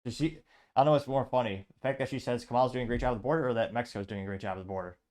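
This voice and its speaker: A man hosting a political commentary show, sarcastic and halting, stumbling over words and restarting. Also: medium pitch, steady tone, darkish tone. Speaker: host.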